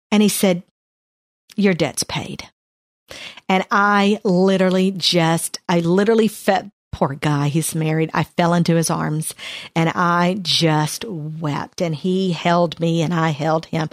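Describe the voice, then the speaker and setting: A woman's voice: lowish voice, steady tone, unhurried, dry recording, studio quality. A woman, a podcast co-host sharing a personal testimony in an earnest, heartfelt way.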